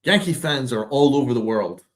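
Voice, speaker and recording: A man's voice: mid-range voice, animated, moderate pace. A man hosting a sports podcast, ranting with sarcastic, exasperated, profane commentary. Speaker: podcast host.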